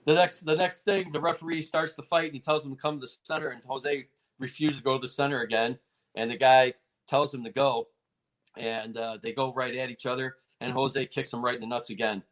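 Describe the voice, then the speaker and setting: A man's voice: medium pitch, fairly quick. A man being interviewed, telling a fight story in casual talk and acting out the quotes in a raised voice. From United States. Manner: animated, acts out quotes in a raised voice. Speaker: martial arts federation president, guest.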